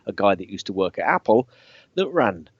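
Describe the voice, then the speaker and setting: A man chatting on a tech podcast, eager about his picks and full of ums and restarts. His voice is low, yet it swings widely in pitch. The sound is dull, lo-fi and dry. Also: sing-song, moderate pace, breathy edge, no room sound. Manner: enthusiastic, hesitant with fillers. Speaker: podcast co-host. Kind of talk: casual tech podcast chat.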